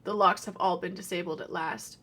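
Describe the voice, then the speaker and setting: A woman's voice: lowish voice, steady tone, brisk, a bit bright, slight background noise, pitched below the performer's own voice, close to an everyday voice, poor audio. A woman doing a glitching AI professor. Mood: formal. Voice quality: stuttering, mechanical delivery. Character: glitching robotic male AI professor, eerie and flat. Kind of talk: reading game dialogue aloud.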